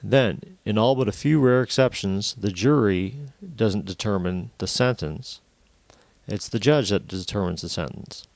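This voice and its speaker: A man with a lowish voice delivers a recorded university lecture, explaining things plainly and patiently with the odd "uh" and "um". The sound is close and dry, with no room around it. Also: a little slow, gravelly, a little mellow, no room sound. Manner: plain explanatory, with frequent fillers.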